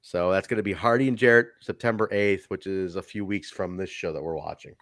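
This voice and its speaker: A man co-hosting a casual podcast chat, animated, swearing and laughing often. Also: sits low, brisk, dry recording, studio quality. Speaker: podcast co-host. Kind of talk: casual chat reviewing wrestling.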